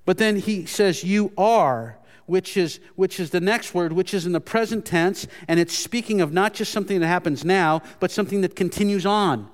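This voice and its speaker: High-voiced man preaching in a reverberant hall. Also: moderate pace, few pauses. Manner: earnest, repetitive restarts, emphatic. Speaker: pastor. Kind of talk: sermon.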